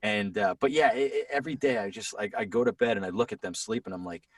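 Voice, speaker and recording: A man's voice: on the low side, fast, dry recording. Rambling man in his thirties, dry distant sound. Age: 30s. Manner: rambling, frequent restarts and self-interruptions. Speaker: podcast guest, voiceover actor. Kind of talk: casual conversation.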